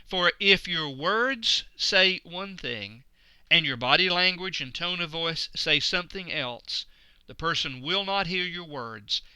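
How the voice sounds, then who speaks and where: Male instructor, very bright and crisp, dry close recording, measured lecture delivery. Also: a little high, no room sound. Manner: slow, deliberate emphasis on key words.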